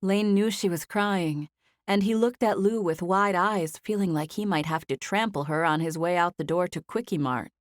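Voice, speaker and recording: Female audiobook narrator, low and measured, dry studio. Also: no room sound. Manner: even, measured storytelling. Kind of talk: scripted narration.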